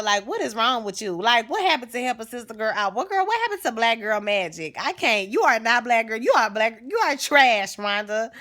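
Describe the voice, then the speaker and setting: Sassy, bright-voiced woman vlogger. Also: on the high side. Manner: sassy, animated and chatty, with frequent laughs. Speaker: TV recap vlogger. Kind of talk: casual TV episode recap.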